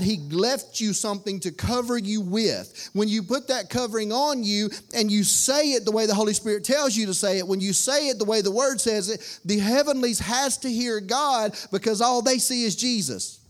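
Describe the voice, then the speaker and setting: A male pastor, preaching a sermon in a folksy, conversational way with lots of repetition. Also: high voice.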